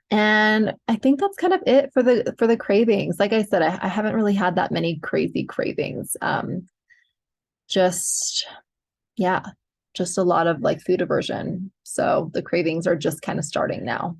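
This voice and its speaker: Young woman, host, casual chatty delivery with gravelly fry, frequent fillers. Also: fairly low pitch, unhurried. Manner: chatty, many fillers, giggly. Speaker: podcast host sharing pregnancy updates. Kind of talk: casual chat to viewers.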